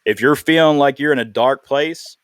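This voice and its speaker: A man's voice: medium pitch, normal speed, smooth, dry recording, studio quality. A man hosting a podcast, talking in a casual, earnest way and telling a heartfelt story. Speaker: podcast host.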